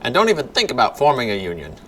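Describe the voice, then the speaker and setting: A man voicing a fussy, dramatic bearded male bazaar merchant in a video game, with a theatrical, self-pitying way of talking and high, exclaiming lines. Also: huge pitch swings, fast talker, bright, forceful tone, slight background noise. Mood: scheming.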